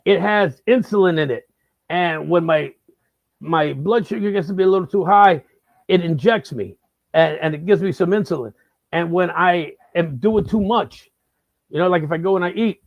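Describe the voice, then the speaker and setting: A man's voice: sits high, dry recording. A man hosting a comedic live-stream monologue, rambling and stammering with lots of repeated words. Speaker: host. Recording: slightly dull lo-fi sound.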